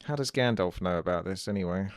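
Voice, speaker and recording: A man talks over his live game stream in a loose, chatty ramble. His voice sits low with a gravelly, creaky edge. The sound is dry and close, with no room echo. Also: fast. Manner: chatty, musing aloud with filler likes. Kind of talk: casual live-stream commentary.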